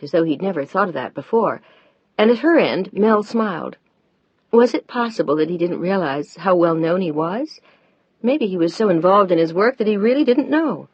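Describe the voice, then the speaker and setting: A woman narrating an audiobook in a measured, even way. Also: on the low side, husky, no echo. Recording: dull dry audiobook recording.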